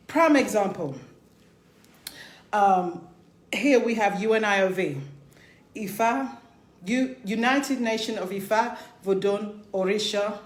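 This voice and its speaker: A woman's voice: on the high side, a little slow. Passionate woman in an echoey room. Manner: passionate, conversational, emphatic with rhetorical questions. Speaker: spiritual teacher and priest. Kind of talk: informal spiritual talk.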